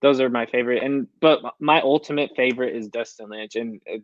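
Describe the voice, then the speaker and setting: A man's voice: medium pitch, fast, dry recording, lo-fi sound. A young man, a country singer, chatting casually in an interview and acting out his own past lines with "I was like.". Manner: storytelling, quoting himself with "I was like" often. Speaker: country recording artist, guest.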